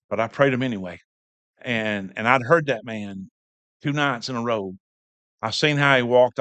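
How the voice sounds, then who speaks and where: An older man tells his church testimony in a loose, rambling way, often starting over mid-sentence. His voice sits at a middle pitch. The recording is dry and close, with no room sound. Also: a bit bright, no echo. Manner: rambling storyteller, many restarts and fillers. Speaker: church member giving testimony. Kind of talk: personal testimony.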